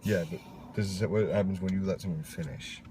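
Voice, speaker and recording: Deep-voiced opinionated man chatting films. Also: brisk, dark tone. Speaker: co-host reviewing films. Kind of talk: casual chat. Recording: faint background noise.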